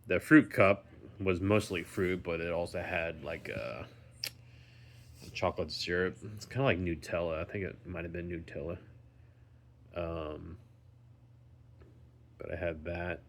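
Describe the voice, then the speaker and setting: A very deep-voiced man talks in a slow, unhurried way. He rambles through a casual daily vlog, full of ums and restarts, sounding tired as he recovers at home. A faint hum of room noise sits behind him. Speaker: vlogger.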